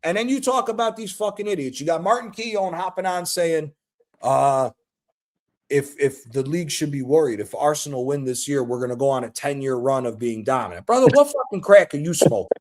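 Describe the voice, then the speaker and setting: High-voiced man ranting, animated and profane. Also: a little fast. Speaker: host. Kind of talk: casual football chat stream.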